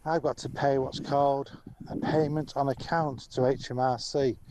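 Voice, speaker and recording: A man's voice: medium pitch, fairly even intonation, normal speed, noisy background. A self-employed man complaining in a fed-up tone in a recorded voice note to a radio phone-in. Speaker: caller.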